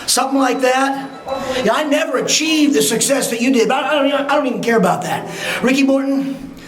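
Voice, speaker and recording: A man cutting a loud, aggressive wrestling promo, shouting his challenges and defiance. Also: extremely high pitch, moderate pace, roomy sound.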